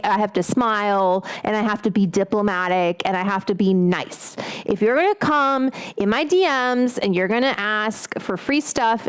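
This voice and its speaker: A woman in her late thirties with a high voice, chatting bluntly and casually on a cooking stream, rambling and swearing, with frequent laughs, on an omnidirectional mic. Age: late 30s. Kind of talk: casual livestream chat.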